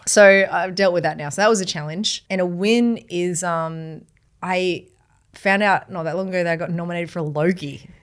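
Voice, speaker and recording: Australian woman, musician guest, casual, wry, lowish voice. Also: moderate pace. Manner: laid-back, swears casually, wry. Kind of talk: casual chat.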